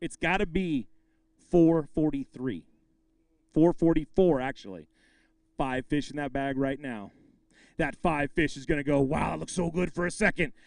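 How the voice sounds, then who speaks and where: A man with a high, smooth voice emcees a fishing tournament weigh-in. He jokes with the anglers and shouts the weights out with excitement. The sound is close and dry. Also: unhurried, long pauses, no echo. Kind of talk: live weigh-in announcing.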